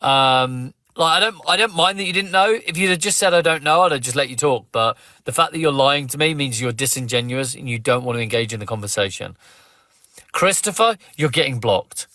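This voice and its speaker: A man's voice: medium pitch, lively intonation, fairly quick, sharp tone, no room sound, clean studio sound. An English man hosting a live phone-in stream in a casual, blunt and confrontational way. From England. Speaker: live stream host taking callers.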